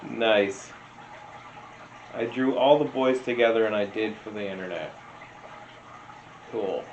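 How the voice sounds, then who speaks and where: A man doing casual meme reaction commentary, rambling, telling stories and laughing often. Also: on the low side. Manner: slow, rambling, laughs a lot. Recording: roomy, dull lo-fi sound with faint noise.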